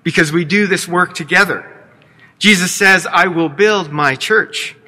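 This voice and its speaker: A man's voice: sits high, measured pace, sharp tone. A man pastor preaching a sermon, telling the story expressively and voicing quotes with playful asides. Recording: long hall reverb.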